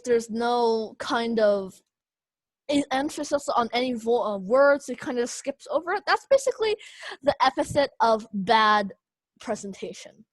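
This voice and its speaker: A woman's voice: fairly high pitch, very animated, a little slow, no room sound. A young woman teaching an online speech class over a video call, hesitant, with many fillers and small laughs. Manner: hesitant, many ums and kind-ofs, laughs often.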